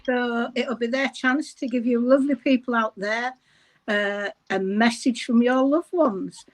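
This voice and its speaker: A woman's voice: on the high side, unhurried. A woman minister introducing a church service and inviting a prayer in a friendly way.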